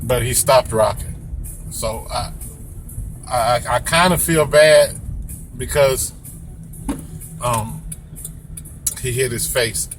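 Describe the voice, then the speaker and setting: A young man, a rideshare driver, telling a story to camera in a casual, animated way and mimicking squeaky sounds. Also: takes it slowly, long pauses, soft background music.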